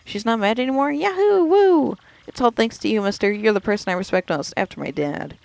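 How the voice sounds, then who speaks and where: A let's player voicing an eager little creature boy from a video game, in a high squealing voice. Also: fast, vocal fry, no room sound, natural voice. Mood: overjoyed. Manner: squealing, high-pitched cheers.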